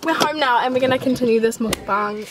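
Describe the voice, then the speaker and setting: A woman's voice: on the high side, fast, music in the background. A young woman, chatting casually as a vlogger, giggly and talking over her friend. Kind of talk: casual chat. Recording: echoey, distant, noisy.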